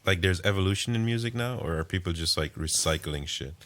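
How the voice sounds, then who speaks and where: Laid-back male podcast co-host, very deep, slow drawl, bright edge. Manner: laid-back, swearing, laughing along. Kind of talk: casual chat.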